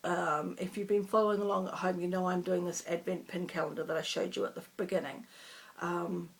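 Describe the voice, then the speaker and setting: Middle-aged woman, chatty crafting vlogger, low and gravelly, rambles warmly at her own expense. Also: little pitch movement, fairly quick. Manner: chatty, rambling, self-deprecating. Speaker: cross-stitch vlogger. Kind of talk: casual chat.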